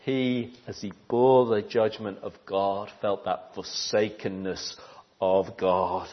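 A man preaching a sermon, swinging from loud declarations to hushed, near-whispered passages. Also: lowish voice, steady tone, slow pace, lo-fi sound.

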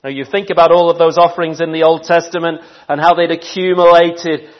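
A man preaching a sermon, swinging from loud declarations to hushed, near-whispered passages. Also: fairly high pitch, little pitch movement, a little fast, muffled recording.

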